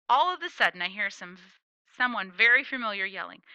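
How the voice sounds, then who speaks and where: A woman reading a first-person children's story aloud in a playful, expressive way. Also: medium pitch, brisk, no room sound, rough recording. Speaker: audiobook reader.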